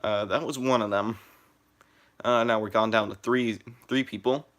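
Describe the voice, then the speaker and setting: A man's voice: lowish voice, fairly even intonation, moderate pace, fairly bright tone. A young man chatting casually on a live stream, rambling with many fillers and restarts.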